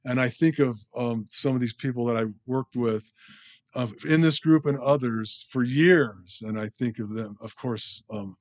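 A man's voice: mid-range voice, a little slow. Rambling male pastor preaching. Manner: rambling, many fillers and restarts. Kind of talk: conversational sermon.

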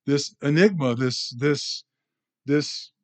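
A man's voice: fairly high pitch, slow pace. Conversational male pastor. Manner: conversational, asks the audience questions. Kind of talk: teaching sermon.

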